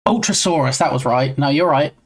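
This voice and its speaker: A man's voice: fairly high pitch, lively intonation, brisk, breathy edge. A man streaming live while he works on his game, chatting casually and answering viewers in a self-deprecating way.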